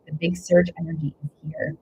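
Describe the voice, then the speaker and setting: A tarot reader gives a live reading in a deep, dark voice with little pitch movement, talking a little fast. She rambles and gushes emotionally, often exclaiming "whoa" and "wow," and the lo-fi audio is slightly dull with faint noise.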